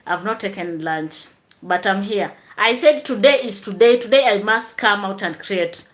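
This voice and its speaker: A woman's voice: mid-range voice, moderate pace, fairly bright tone. A woman teacher hosting a chatty live stream, tired after work, answering viewer comments.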